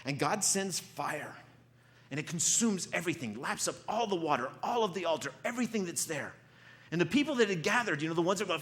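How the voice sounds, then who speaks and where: A male pastor preaching a sermon, retelling a story with lively acted-out quotes and frequent repeated words. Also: sits high, brisk. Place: church.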